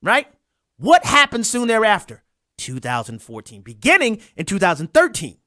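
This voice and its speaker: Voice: medium pitch, huge pitch swings, moderate pace, bright, forceful tone, dry recording, clean studio sound. A host delivering a sarcastic political commentary monologue, talking straight to listeners and mocking the people discussed.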